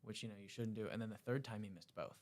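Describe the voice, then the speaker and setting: Fast-talking young man telling stories. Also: on the low side. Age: young adult. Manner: quick, animated storytelling. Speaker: cadet guest. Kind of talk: casual podcast storytelling.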